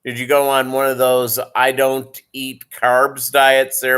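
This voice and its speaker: Tired male livestream host, slow and rambling, filler-heavy casual chat with viewers. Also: medium pitch, monotone, a bit bright, clean tone. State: tired, yawning.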